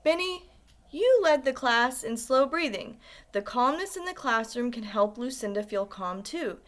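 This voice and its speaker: A woman's voice: fairly high pitch, animated, unhurried. Soothing kind teacher, read by a woman. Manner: soothing, gentle. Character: calm, soothing female teacher.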